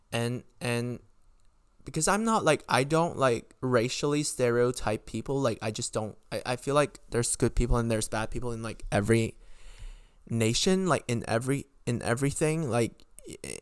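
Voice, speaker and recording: Young guy ranting storytime style, tons of likes and swearing, smooth clear voice, dry close sound. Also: medium pitch, normal speed, no room sound. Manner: rambling, heavy filler words, frequent swearing; exasperated, incredulous. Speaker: podcast host. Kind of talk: casual storytime rant.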